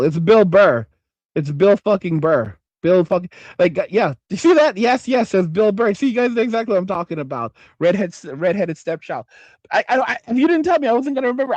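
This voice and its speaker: Dude ranting on his stream, cussing a lot, kinda high voice, dry close mic. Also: dry recording. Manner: profane, excitable, trails off and restarts. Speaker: livestream host reading chat. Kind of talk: casual rambling livestream talk.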